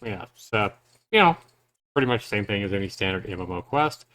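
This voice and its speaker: A man's voice: fairly low pitch, expressive, fairly quick, fairly bright tone. A man giving casual live reaction commentary on a game trailer, thinking aloud in a loose, rambling way.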